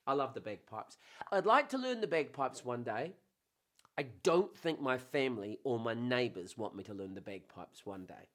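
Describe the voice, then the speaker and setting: A man hosting a casual, playful monologue, rambling warmly between jokes and memories. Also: mid-range voice. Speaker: host.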